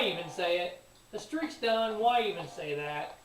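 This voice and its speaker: A man talks through a wrestling event as host of his own sports show, rambling, cursing freely and getting worked up. He sits back from the mic in a roomy, echoing space. Music plays clearly behind him. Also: sits high, normal speed. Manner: rambling, profane and excitable. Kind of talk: casual wrestling event review. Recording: echoey room, distant mic, music behind.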